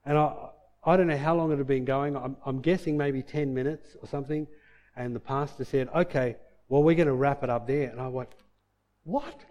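A man's voice: medium pitch, steady tone, fairly quick, a little mellow. A middle-aged man sharing a personal faith testimony in an earnest, emotional way, with many fillers and reenacted quotes.

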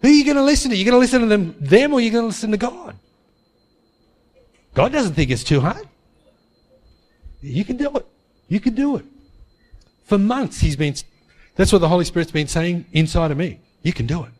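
Guy with a high voice preaching, earnest, keeps repeating stuff for emphasis, asks for an amen. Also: lively intonation, normal speed, pauses often, a little mellow. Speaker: pastor. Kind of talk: sermon storytelling.

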